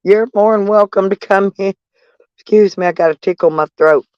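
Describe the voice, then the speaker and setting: A woman's voice: medium pitch, moderate pace, a little mellow, smooth, dry recording, highs cut off. A woman, chatting to her viewers from inside her van in a rambling, folksy and salty way. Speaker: vlogger. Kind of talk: casual rambling chat to viewers.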